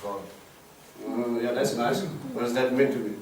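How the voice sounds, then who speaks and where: A man with a mid-range, darkish voice teaches a small Bible study group slowly, explaining Hebrew words and quizzing the class. The distant mic gives a roomy sound with faint hiss.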